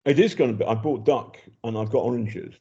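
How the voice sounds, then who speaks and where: With frequent ums and false starts, an older British man, a war-zone journalist, delivers a chatty, casual report. He speaks briskly in a dark, mid-range voice, and the recording is muffled.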